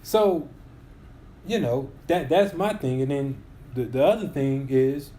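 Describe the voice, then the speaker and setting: A man in his twenties co-hosts a podcast, casually arguing his opinions and restarting sentences as he builds his points. His medium-pitched voice is slow and warm. There's a little hiss or hum in the audio.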